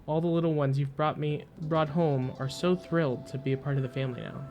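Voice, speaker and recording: A man voicing a gentle, motherly female queen of desert creatures, speaking graciously and formally over soft game music. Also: a little high, steady tone, brisk, dull audio, close to an everyday voice. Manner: gracious, cooing, slightly formal.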